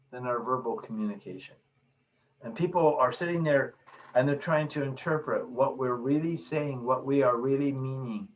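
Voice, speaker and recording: A man lecturing in a recorded video session, emphatic, repeating his key phrases and acting out small examples. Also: mid-range voice. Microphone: video call.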